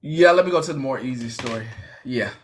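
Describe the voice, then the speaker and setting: A man's voice: medium pitch, a little fast, a little hiss or hum. A man hosting a casual call-in show, laid-back and laughing often, sometimes losing his train of thought. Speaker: host of an online call-in show. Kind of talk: casual live-stream chat.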